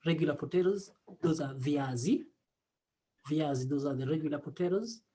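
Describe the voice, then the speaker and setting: A man teaching a casual online Swahili lesson, repeating words slowly and laughing often. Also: a little high, warm tone.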